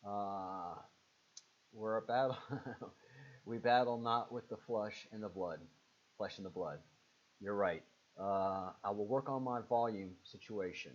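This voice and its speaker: A man's voice: measured pace, pauses often. A man with a Southern accent hosting a live stream, reading out viewer comments and answering them casually with lots of fillers. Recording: muffled low-fidelity stream audio.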